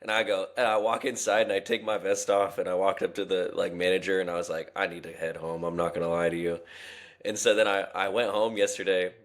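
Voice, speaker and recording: A man's voice: sits low, little pitch movement, brisk. A young man co-hosting a podcast, telling a work story in a rambling casual way with lots of fillers and restarts. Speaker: podcast co-host. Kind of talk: casual chat.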